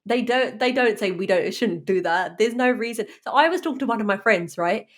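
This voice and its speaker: A woman, co-hosting a podcast and telling lively stories with frequent laughs. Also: a little high. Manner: lively storyteller, quick to laugh. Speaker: podcast co-host. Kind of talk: casual chat.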